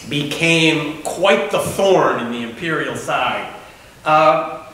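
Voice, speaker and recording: A man's voice: fairly high pitch, fairly bright tone, slight background noise. A man giving a public lecture as an author, speaking in a conversational, wry way with frequent filler sounds. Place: large echoey meeting hall. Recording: echoey hall from far off.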